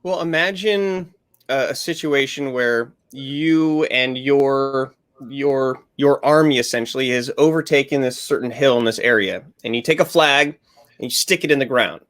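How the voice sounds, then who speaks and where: A man's voice: mid-range voice, measured pace, fairly bright tone. A man, a podcast guest, explaining his advice through a vivid analogy.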